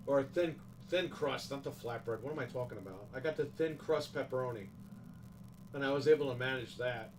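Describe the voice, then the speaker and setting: A man's voice: mid-range voice, a little fast, darkish tone, distant mic, slight background noise, low-quality recording. Profane ranting New man. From New York, USA. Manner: profane, ranting, emphatic complaints. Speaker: livestream host. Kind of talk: casual livestream chat.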